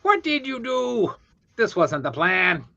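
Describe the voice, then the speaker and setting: A man's voice: high-pitched, sing-song, takes it slowly, vocal fry, pushed and bright, no room sound, lo-fi sound, voice pushed up, heavily acted. A man reading the lines of an idealistic young male hero in an earnest, pleading way.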